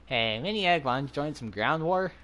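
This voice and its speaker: A young man hosting a gaming channel, chatting casually with friends while he plays and bursting into excited yelps and laughs. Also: fairly high pitch, moderate pace. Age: young adult.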